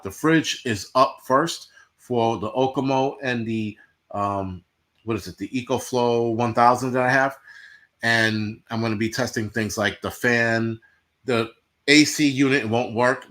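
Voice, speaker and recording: A man's voice: mid-range voice, normal speed, a bit bright. A man hosting a livestream, ranting bluntly and profanely to his chat in casual talk. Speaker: livestream host.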